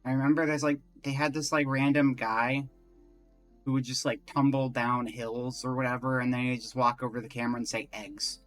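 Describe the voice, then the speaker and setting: A man's voice: medium pitch, level tone, fairly quick, soft background music. A man streaming live, chatting casually and rambling from topic to topic in a self-mocking way. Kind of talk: casual live-stream chat while playing.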